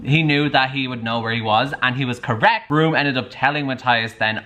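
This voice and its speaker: A man chatting casually in a book-reaction vlog, gushing and full of "like", sometimes breaking into high excited outcries. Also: moderate pace, few pauses. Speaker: book vlogger.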